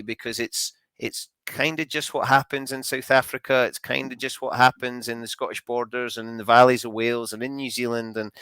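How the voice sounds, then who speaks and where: A man's voice: mid-range voice, sharp tone, smooth, no room sound. A man hosting a podcast, asking long, rambling interview questions with frequent restarts. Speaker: podcast host.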